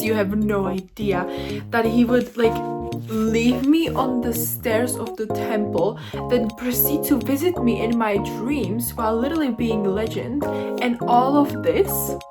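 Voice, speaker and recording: A young woman talking casually in a reading vlog, excitable and gushing, with frequent giggles. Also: a little high. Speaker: book vlogger.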